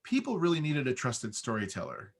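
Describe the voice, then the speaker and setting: A man's voice: mid-range voice, fairly quick, husky. A male voice-over artist with an American accent, talking casually and conversationally in an interview. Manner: relaxed, conversational, easy-going.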